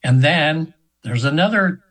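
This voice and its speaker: A man's voice: fairly high pitch, animated, measured pace, a bit bright, rough recording. A man in his seventies, a hypnotherapist telling a story as a guest in an interview, earnest and rambling with many restarts. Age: 70s.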